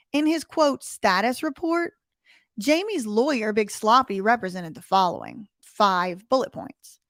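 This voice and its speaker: A woman's voice: on the high side, no echo, clean studio sound. Sassy woman reading court papers. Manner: sassy, conversational, explains legal terms, self-corrects. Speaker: commentary channel host. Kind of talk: casual legal commentary, reading court documents aloud.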